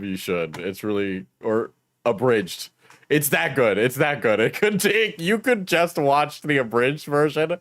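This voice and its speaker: A man's voice: on the low side, no echo, studio quality. Laid-back, profane young man streaming. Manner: loose, profane, laughs often, mumbles while searching. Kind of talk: casual stream chat, reacting to clips.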